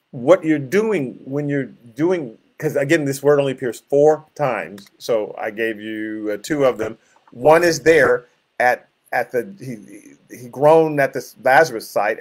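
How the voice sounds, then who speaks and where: Pastor guy doing bible study, kinda higher voice, explains verses casually and acts stuff out with growls. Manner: acts out scripture scenes with growls and groans; explains verses conversationally, restating them in plain words.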